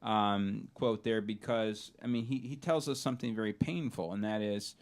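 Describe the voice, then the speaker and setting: A man's voice: fairly low pitch, normal speed. A man co-hosting a casual studio talk show who introduces the stories in an easygoing, enthusiastic way. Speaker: co-host presenting stories.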